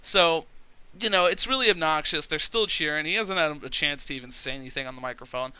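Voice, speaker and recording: A man's voice: fairly high pitch, fairly quick, pushed and bright, smooth, no room sound. A man giving casual, rambling commentary on a wrestling management game, chatty and full of fillers. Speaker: let's play commentator.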